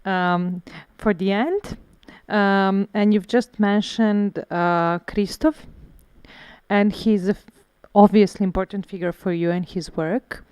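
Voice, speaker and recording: A woman puts questions to a guest at a slow, hesitant pace. Her voice is mellow and smooth, and the recording is close and dry. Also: medium pitch, steady tone, no echo. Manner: hesitant, many "uh"s. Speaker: interviewer. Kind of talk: interview questions.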